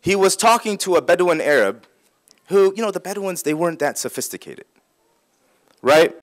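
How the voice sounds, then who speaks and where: A man's voice: high-pitched, lively intonation, moderate pace. A man giving a religious talk, explaining points patiently and repeating key phrases for emphasis. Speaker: Islamic speaker.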